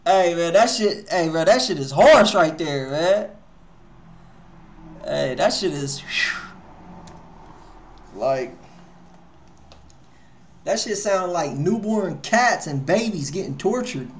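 High-voiced, slangy male stream host. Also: lively intonation, slow, pauses often. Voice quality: slight stutter. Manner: loose and slangy, swinging from mumbling asides to loud exclamations. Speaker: host of a live music review stream. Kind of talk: casual live-stream commentary. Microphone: headphones on while streaming.

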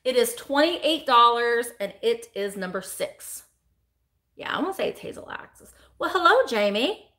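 A chatty middle-aged woman runs a live-stream sale in a rambling, friendly flow. Her voice sits a little high, and she drifts off between calling out bids and answering viewer comments. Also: expressive, normal speed, pushed and bright. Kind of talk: casual live-stream auction chat.

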